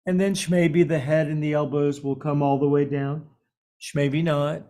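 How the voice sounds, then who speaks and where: A man guiding a yoga class, giving slow cues with playful, quirky asides. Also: a little high, little pitch movement, dark tone. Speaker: yoga teacher.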